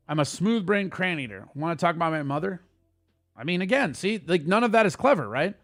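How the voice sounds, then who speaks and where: Male streamer, high voice, fast heated profane rants, faint music behind. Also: lively intonation, fairly bright tone, no room sound, studio quality. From Italian heritage. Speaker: streamer host. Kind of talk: casual livestream chat.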